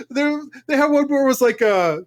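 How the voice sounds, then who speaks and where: A man co-hosting a podcast in casual banter, animated and laughing, saying bro and dude a lot. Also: extremely high pitch. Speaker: podcast co-host.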